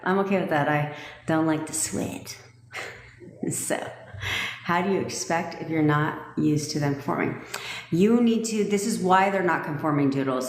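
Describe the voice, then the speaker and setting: Sassy, profane woman coach in echoey room. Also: low-pitched. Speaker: manifestation coach. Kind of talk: live-stream coaching talk. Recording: echoey room with long reverb.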